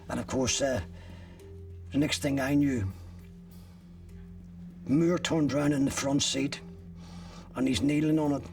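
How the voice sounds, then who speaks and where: A man's voice: mid-range voice, fairly even intonation, unhurried, creaky, pauses often, a little mellow, far from the mic, soft background music. An older man, recounting a personal ordeal as an interviewee in blunt, graphic words with swearing.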